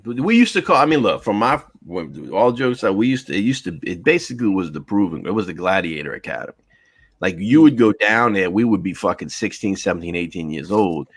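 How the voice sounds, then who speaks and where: A man's voice: sits low, breathy edge, no echo. A middle-aged man, a podcast guest telling rambling, profane stories over a video call and calling everyone bro. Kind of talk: casual storytelling chat.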